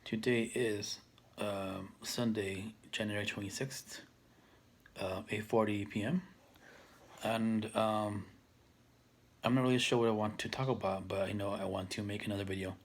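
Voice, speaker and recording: Hesitant guy in his 30s vlogging, lots of ums, kinda low voice, trails off soft. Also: flat delivery, measured pace. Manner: hesitant, many fillers and restarts; soft-spoken, trailing off quietly. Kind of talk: casual talk to camera.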